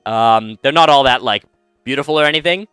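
A man's voice: mid-range voice, brisk, a bit bright, smooth, no echo, studio quality, soft background music. A man hosting a let's-play, chatting casually and rambling through commentary with many fillers and restarts. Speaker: game let's-play host.

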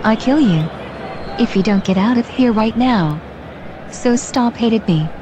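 A furious young girl, as a woman puts her on, shrieking commands in a fan-made cartoon clip. Her voice is high and swings wildly in pitch while she drags her words out slowly. The recording is noisy. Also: animated, mellow, a faint crowd.

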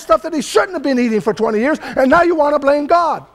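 Older california preacher guy, really high voice, chatty sermon that gets loud and shouty. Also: animated, fast talker, hardly any pauses. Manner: loose, conversational preaching that swells into emphatic shouting. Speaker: pastor.

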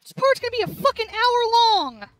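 A woman's voice: very high-pitched, big pitch swings, moderate pace, faint music behind. A woman gamer doing let's play commentary, furious and swearing constantly at the game.

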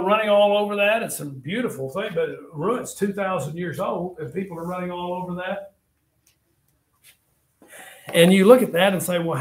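A man lecturing a history class, talking with a slightly high voice. He tells the story with lively asides and keeps reminding students to take notes. The classroom around him is echoey. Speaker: history teacher.

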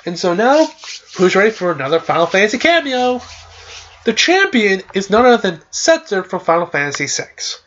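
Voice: medium pitch, very animated, normal speed, fairly bright tone, highs cut off, a little hiss or hum. A podcast host casually recapping a game's story in a loose, rambling way, with lots of "like" and "uh". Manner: loose and chatty, with frequent "like" and "uh".

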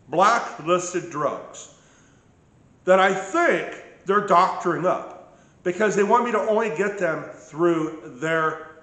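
Emphatic high-voiced man in an echoey room. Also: sharp tone. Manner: emphatic, keeps checking in with "okay?". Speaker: patient recounting his medical ordeal. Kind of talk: casual personal account.

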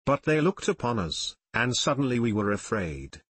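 A man narrating an audiobook in a steady, solemn way. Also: medium pitch, normal speed, slightly rough.

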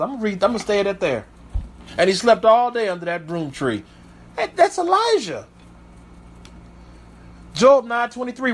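A man's voice: high-pitched, a bit bright. A man preaching as a pastor, reading Bible verses aloud and breaking off to comment with emphatic asides. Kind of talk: sermon with scripture reading.

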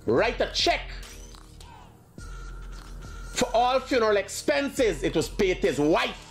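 A man's voice: high voice, sing-song, normal speed, creaky, soft background music. A Guyanese man speaking emphatically and defensively, insisting on his side of a dispute. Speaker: critic giving his side. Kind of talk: clip of a heated self-defense statement.

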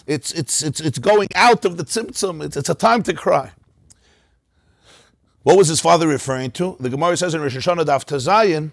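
A man teaching a Torah class in a study hall, telling stories in a lively way, with many Yiddish and Hebrew terms. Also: on the high side, fairly quick, clean studio sound.

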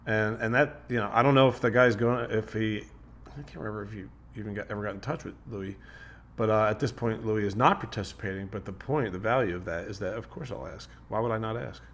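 A male podcast host with a fairly low voice, talking in a relaxed, slangy, upbeat way. He laughs easily and keeps the chat loose. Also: quick pace. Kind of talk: casual interview chat.

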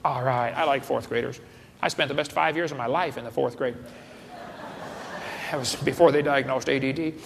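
A man's voice: medium pitch, normal speed, gravelly, long pauses. A man giving a joking lecture to a live audience, wisecracking and tossing quiz questions at the crowd. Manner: wisecracking, quizzes the crowd with asides. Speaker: creationist speaker. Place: large hall with an audience. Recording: long hall reverb, faint hiss.

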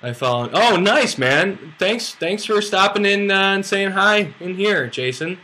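A man's voice: high-pitched, lively intonation, a little slow, pushed and bright, rough recording. A young man casually chatting on a poker live stream, greeting viewers by name and joking around.

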